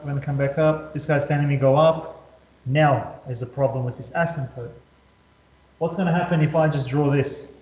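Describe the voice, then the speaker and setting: A man's voice: mid-range voice, darkish tone. Male maths tutor, casual and repetitive, slightly dull lo-fi recording. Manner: chatty, repetitive, talks students through steps. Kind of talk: casual whiteboard lesson. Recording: roomy echo, slightly dull lo-fi sound.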